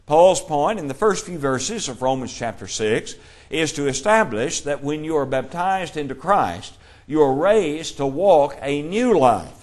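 A man teaching a Bible class, explaining scripture in a measured way and reading verses aloud. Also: fairly high pitch, sing-song, a little mellow.

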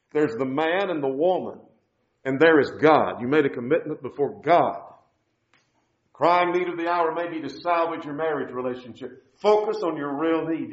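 A man preaching a sermon, emphatic, repeating key phrases and quoting scripture. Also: fairly high pitch. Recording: echoey, dull church recording.

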